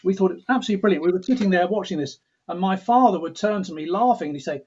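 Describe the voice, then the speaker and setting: Husky English man, musing aloud. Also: high-pitched, rapid-fire, few pauses, a little mellow. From England. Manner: reflective, restarts sentences, mimics accents playfully. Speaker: composer interviewed as guest. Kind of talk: thoughtful interview talk. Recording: dull lo-fi audio.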